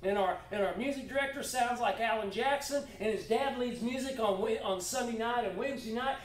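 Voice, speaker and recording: A man preaching a sermon as pastor, folksy and animated, with jokey asides and repeated words. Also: very high-pitched, a little fast, hardly any pauses. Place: church sanctuary. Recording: echoey church hall, mic at distance.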